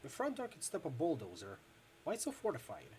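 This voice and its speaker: A man's voice: a little high, huge pitch swings, brisk, a little mellow, a little hiss or hum. A man reading a video game aloud and voicing the player character, a dry, plain-spoken mercenary. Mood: wry.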